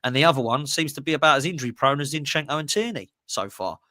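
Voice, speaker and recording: A man's voice: fairly high pitch, lively intonation, quick pace, sharp tone, no echo, studio quality. A man in casual football chat, ranting bluntly and emphatically.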